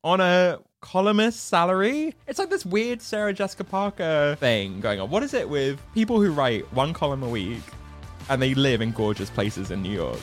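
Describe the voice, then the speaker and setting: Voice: medium pitch, moderate pace, faint music behind. A podcast co-host chatting casually about a film, enthusiastic and acting out scenes. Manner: animated, enthusiastic, acts out scenes.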